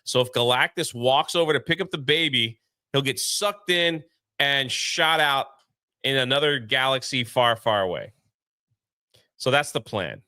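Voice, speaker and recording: Bright, dry-voiced man retelling a film. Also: mid-range voice, unhurried, dry recording. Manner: animated retelling, acts out lines. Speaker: movie reviewer. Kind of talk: casual review chat.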